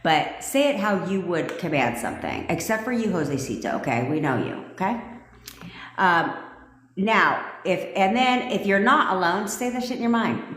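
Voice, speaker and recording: A woman's voice: on the low side, slight background noise. Blunt, foul-mouthed woman in an echoey room. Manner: blunt, profane and bossy; loose and joking, with laughs. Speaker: manifestation coach. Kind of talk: live-stream coaching talk. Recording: echoey room with long reverb.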